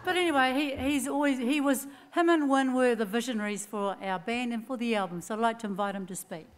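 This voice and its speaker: A woman's voice: on the high side, fairly quick. Chatty New Zealand woman telling stories on stage. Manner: chatty, animated storytelling with laughs and quoted voices. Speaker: award-winning singer giving acceptance speech. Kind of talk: casual acceptance speech with anecdotes.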